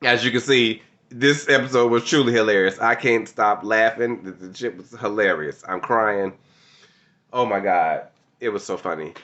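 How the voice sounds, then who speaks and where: A man casually recapping a TV episode, excitable and slangy, laughing often. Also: on the low side, moderate pace, dull audio. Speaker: TV show reviewer.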